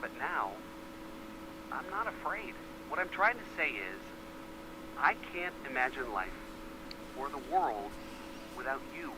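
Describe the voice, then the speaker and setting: An actor playing an earnest, rambling young boyfriend in a game, speaking sincerely on a phone call. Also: male voice, on the high side, very animated, measured pace, long pauses, background noise. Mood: earnest, tender. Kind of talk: voiced game dialogue.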